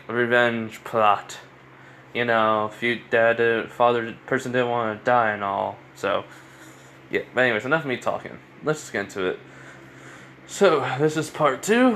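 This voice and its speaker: Man, casual storyteller, rambling, self-correcting, average pitch. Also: fairly bright tone, a little hiss or hum. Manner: rambling, many fillers and restarts. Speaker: storyteller of fan stories.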